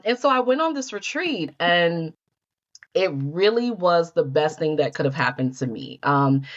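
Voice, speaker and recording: A middle-aged woman with a fairly low voice tells her story as a podcast guest. She leans into it, acting out her past thoughts and playing up the moments. The audio sounds a little dull and lo-fi. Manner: animated, acts out her own past thoughts in quotes. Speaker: guest, healer and life coach.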